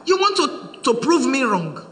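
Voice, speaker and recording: A middle-aged woman preaching on marriage, animated and humorous, acting out the voices she quotes. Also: high-pitched, normal speed. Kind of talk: sermon to a congregation. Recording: reverberant hall with faint hum.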